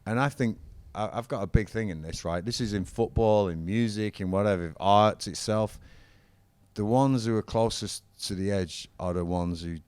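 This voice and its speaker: Fairly low in pitch and darkish, this middle-aged man's voice comes across clear and resonant with no echo, at normal speed. As an interview guest and former football manager and musician, he tells stories in an enthusiastic, rambling, casual way.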